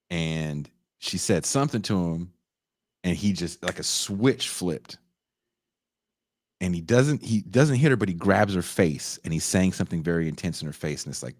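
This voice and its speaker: Man, podcast co-host, very low voice, lively delivery, casual swearing, dry close sound. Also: no echo. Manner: animated storytelling, swears freely, acts out quotes.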